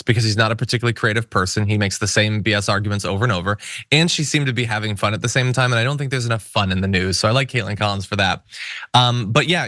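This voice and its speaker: A man's voice: on the low side, pushed and bright, dry recording, clean studio sound. A man hosting a political commentary show, talking in an emphatic, indignant way with stumbling restarts. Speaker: host.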